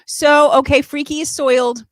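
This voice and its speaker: A woman's voice: sits high, steady tone, normal speed, no room sound. A woman hosting a casual livestream, chatting in a playful, joking way. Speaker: host.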